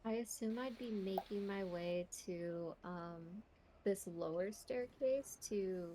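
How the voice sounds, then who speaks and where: A woman's voice: mid-range voice, slow, warm tone, a little hiss or hum. A woman player in a tabletop game, talking casually and hesitantly. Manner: hesitant, filler-heavy. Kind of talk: casual chat.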